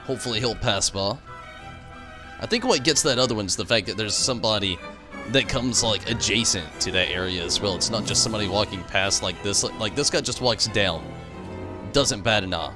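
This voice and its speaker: A man's voice: lowish voice, fairly quick. A man giving chatty, joking commentary while streaming a video game. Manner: chatty, joking, reads game dialogue aloud. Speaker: gaming streamer. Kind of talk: let's-play commentary. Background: game music.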